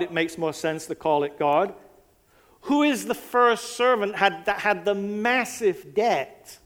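A man preaching a sermon, talking conversationally and putting rhetorical questions to his listeners. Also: sits high.

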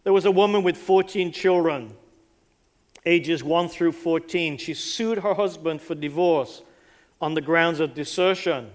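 High-voiced man preaching a sermon. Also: a little slow. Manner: conversational, asks the listeners rhetorical questions.

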